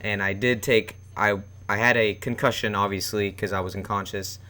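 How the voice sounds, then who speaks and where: A man's voice: on the low side, fairly even intonation, moderate pace, pushed and bright. A young man telling a personal story in a rambling, casual way, with many fillers and restarts. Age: young adult. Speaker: vlogger.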